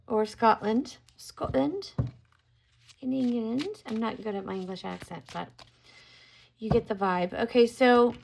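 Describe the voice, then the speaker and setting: A woman's voice: mid-range voice, steady tone, normal speed, creaky, a little hiss or hum. A middle-aged woman giving a casual tarot card reading to camera, musing aloud and exclaiming at what she draws.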